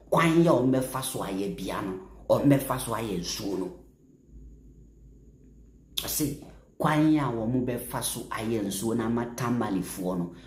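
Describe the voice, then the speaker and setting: A man with a Ghanaian accent giving impassioned political commentary, emphatic, repeating phrases and bursting into louder stretches. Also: on the low side, roomy sound. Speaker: social media commentator.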